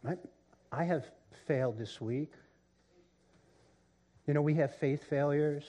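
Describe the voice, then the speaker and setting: A male pastor preaching a sermon, swinging between loud excitement and quiet low emphasis, often repeating words as he builds a point. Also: slow.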